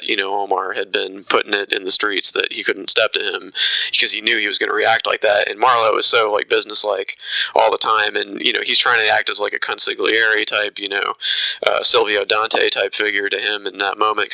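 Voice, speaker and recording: Gravelly, bright-toned man speaking flatly. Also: fairly low pitch, no echo, low-quality recording. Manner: conversational, leans on "you know". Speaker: podcast guest. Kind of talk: casual podcast chat about a TV series.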